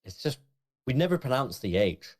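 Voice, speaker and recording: A man's voice: mid-range voice, big pitch swings, normal speed. A man from southwest England, chatting on a podcast in an easygoing, joking way with plenty of fillers. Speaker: podcast co-host. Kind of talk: casual chat.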